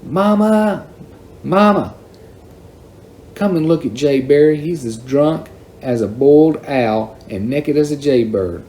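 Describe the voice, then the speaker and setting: A man reading aloud and voicing a prim, bossy little girl who scolds and tattles in a shrill voice. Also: normal speed, mellow, slight background noise, lightly acted. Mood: tattling.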